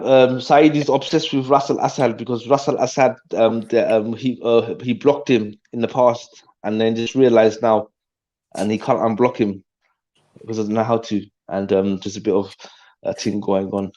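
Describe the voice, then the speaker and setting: A man's voice: mid-range voice, steady tone, moderate pace, mellow. Brief: man, stream host, loose slangy rambling chat, muffled lo-fi sound. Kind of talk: casual live chat. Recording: dull lo-fi audio.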